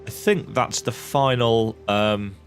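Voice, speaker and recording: A man talks through a video game in a medium-pitched voice at a slow pace, with soft music in the background. He's a let's-player giving casual commentary, thinking aloud and reading the game's text as he goes.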